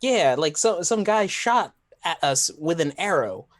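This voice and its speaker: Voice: medium pitch, expressive, a little slow, close to an everyday voice. A player voicing a flustered young grown son. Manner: hesitant, lots of ums.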